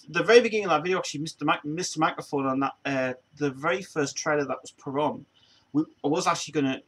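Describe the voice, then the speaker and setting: A man's voice: mid-range voice, fairly bright tone, slightly rough. A man hosting a casual chat show, rambling with many restarts and laughing often. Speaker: show host.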